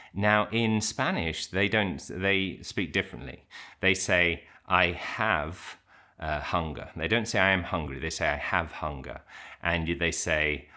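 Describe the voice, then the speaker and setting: A middle-aged man with a very low voice that still comes across bright and forceful. He talks casually and reflectively, thinking aloud, with plenty of fillers, false starts and restarts. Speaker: English teacher and channel host. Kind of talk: casual reflective talk to camera.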